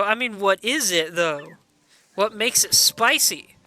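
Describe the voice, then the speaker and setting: A man's voice: high voice, animated, slow pace, sharp tone, soft background music. A man casually commenting on a game playthrough live, wry and chatty, reading viewer messages aloud. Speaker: gaming streamer.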